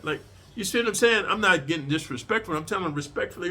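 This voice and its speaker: A man's voice: high voice, fast, bright, forceful tone. A man telling a prison story in a casual, profane, streetwise way, lecturing his listeners.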